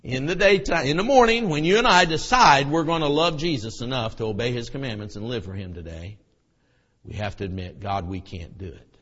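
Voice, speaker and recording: Middle-aged preacher guy, husky bright voice, goes quiet then shouts, muffled lo-fi church recording with big reverb. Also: medium pitch, brisk. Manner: swings from soft near-whispers to loud shouted preaching. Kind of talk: sermon. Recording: dull lo-fi recording with long hall reverb.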